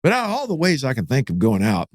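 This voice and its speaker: Animated pastor telling a story. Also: male voice, quick pace, no echo, clean studio sound. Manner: animated, acts out quotes with rising pitch. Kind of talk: storytelling in a podcast interview.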